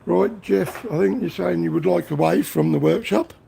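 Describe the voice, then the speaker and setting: This Liverpudlian livestream host, broadcasting from a garage workshop, jokes with chat and keeps breaking into snatches of songs. He has a high, gravelly, mellow voice with a breathy edge, delivered at a moderate pace.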